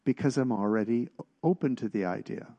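A man preaching in a relaxed, conversational way, his voice gravelly with fry. He leans on emphasis and keeps asking the listeners questions. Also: medium pitch, a little fast, lo-fi sound. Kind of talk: sermon.

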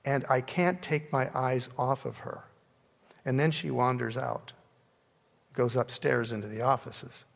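An older man telling a personal story in a sermon, animated, swinging between hushed and loud. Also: mid-range voice, gravelly. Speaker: preacher. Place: church hall. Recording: long hall reverb.

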